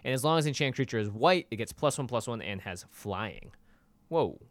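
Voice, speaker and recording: A man's voice: mid-range voice, animated, normal speed, no room sound. A man co-hosting a casual card-game podcast, chatty and loose, with lots of fillers. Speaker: co-host.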